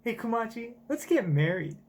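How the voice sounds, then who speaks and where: A man voicing a dying young woman, speaking softly and pleadingly. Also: very high voice, sing-song, normal speed, pitched above the performer's own voice, full character voice. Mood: tender.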